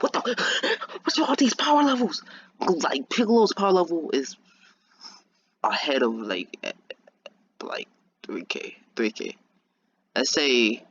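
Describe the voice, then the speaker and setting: A man's voice: medium pitch, fairly bright tone, highs cut off, slight background noise. A young man casually telling a fan story, rambling with many restarts and laughing at himself. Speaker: fan video creator.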